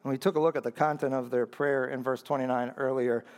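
A man preaching a sermon as pastor. He drops to low, earnest asides, then climbs to loud, high emphatic peaks, repeating phrases for emphasis and calling out to the congregation. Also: steady tone, fast.

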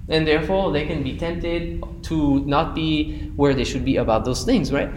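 A man's voice: fairly high pitch, normal speed, darkish tone, slight background noise. Emphatic male Bible teacher, echoey room. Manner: emphatic, repeats key phrases, asks the class questions. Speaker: Sunday school teacher. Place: church classroom.

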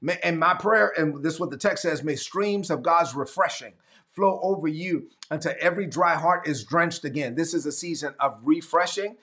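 A man's voice: fairly high pitch, moderate pace, sharp tone. A man preaching a sermon to a livestream audience, reading scripture and acting out Bible scenes in voices. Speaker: pastor.

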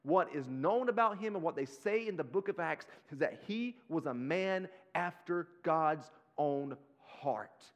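A man preaching a sermon as pastor, animated and conversational, talking straight to his listeners in casual slang. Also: fairly high pitch, measured pace, hardly any pauses. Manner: slips into casual slang like "y'all".

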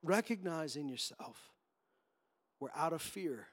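High-voiced man preaching with passion. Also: animated, slow. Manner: impassioned, emphatic preaching with acted-out quotes. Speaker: pastor. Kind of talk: sermon.

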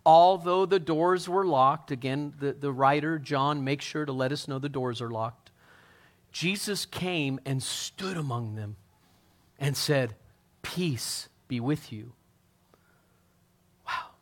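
A man preaching a sermon as pastor, telling the story in an animated, conversational way and acting out the scenes. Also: a little high, slow, pauses often.

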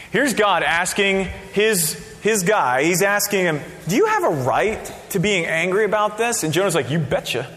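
A man preaching a sermon as a pastor, casual and conversational, with sudden loud bursts. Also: sits high. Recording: long reverb of a hall.

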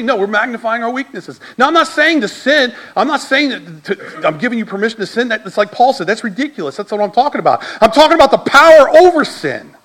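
A middle-aged man preaching to his church in a fairly high, lively voice. He drops low and quiet to tell a story, then climbs to loud, high-pitched shouts as he drives a point home. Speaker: pastor. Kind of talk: sermon.

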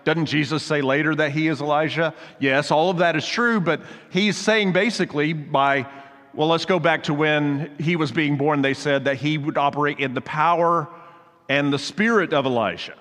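A man's voice: a little high, moderate pace, a bit bright. Man preaching in a reverberant hall. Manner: conversational, explains scripture with asides. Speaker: pastor. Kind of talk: sermon.

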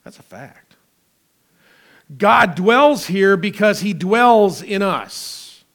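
A male pastor with a high-sitting voice preaches an emphatic, dramatic sermon, swinging between loud declarations and quiet asides.

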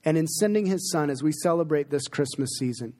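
A man's voice: a little high, animated, darkish tone. Preaching man in an echoing hall. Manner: earnest, emphatic preaching with pauses. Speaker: pastor. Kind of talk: sermon. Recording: long hall reverb.

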